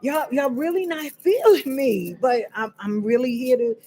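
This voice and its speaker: With faint music in the background, a woman's high, warm voice unfolds at a measured pace. She's a vlogger sharing her own experience in a blunt, profane, unscripted monologue, fiery and direct, addressing y'all and driving points home by repetition.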